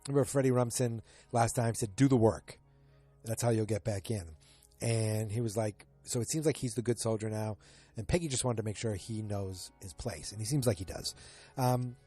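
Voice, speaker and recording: A man's voice: mid-range voice, normal speed, mellow, slightly rough, soft background music. A man hosting a podcast, casually recapping a TV episode in a rambling way with many fillers and restarts. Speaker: podcast host.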